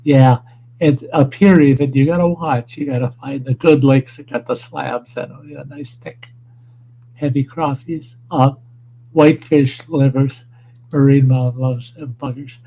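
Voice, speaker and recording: A man's voice: medium pitch, unhurried, slight background noise, low-quality recording. A man hosting a casual livestream, telling rambling, profane stories about food and fishing. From northern Wisconsin. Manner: profane, rambling, animated storyteller. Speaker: livestream host. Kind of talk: casual storytelling chat.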